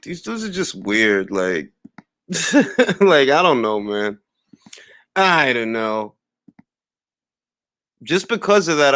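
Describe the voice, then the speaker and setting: A man in the middle of a fired-up livestream rant, trash-talking with scornful laughs and shout-outs to his chat. His voice sits at an ordinary pitch and sounds close and dry, with no room around it. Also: no echo. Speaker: boxing talk show host. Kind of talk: livestream commentary, greeting chat.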